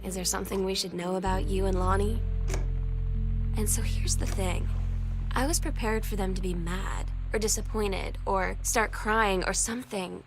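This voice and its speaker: Woman voicing a teen girl confiding calmly. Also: medium pitch, normal speed, lightly acted. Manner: calm, confessional, wry. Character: teenage girl confiding about her parents. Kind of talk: game voice-over narration. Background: game music.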